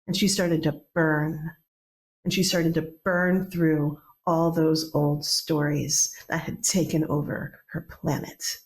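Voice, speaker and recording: A woman telling a myth in a relaxed, conversational way, with restarts and playful asides. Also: low-pitched, takes it slowly. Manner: conversational, playful, with many restarts and animated quoted voices. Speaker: storyteller. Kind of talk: oral mythtelling.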